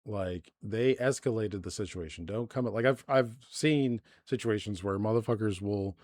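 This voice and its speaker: A man's voice: lowish voice, normal speed, darkish tone, no echo. A male-sounding streamer ranting through live news commentary, exasperated and heavily profane, in a loose, conversational way with plenty of fillers. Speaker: livestreamer.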